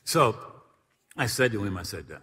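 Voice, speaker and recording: A man's voice: on the low side, very animated, moderate pace, bright, forceful tone, husky. A middle-aged male pastor telling a story in a sermon to his congregation, acting out the voices of the people in it. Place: church sanctuary before a congregation. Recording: long hall reverb.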